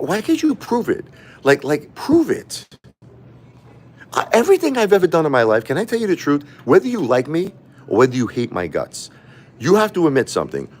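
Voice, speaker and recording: A man's voice: on the high side, darkish tone, husky. A man livestreaming a combative, boastful rant, taunting his critics and repeating himself. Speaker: livestreaming YouTuber. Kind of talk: ranting livestream monologue.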